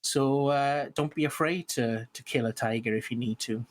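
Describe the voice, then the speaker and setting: A man co-hosts a podcast of casual chat about tabletop games, speaking hesitantly with many restarts. His voice is mid-range and his speed normal.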